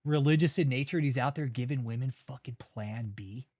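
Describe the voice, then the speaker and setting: A man's voice: medium pitch, a little fast, a little mellow. A man hosting a livestream, reacting to court papers in an angry, profane rant. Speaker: channel host.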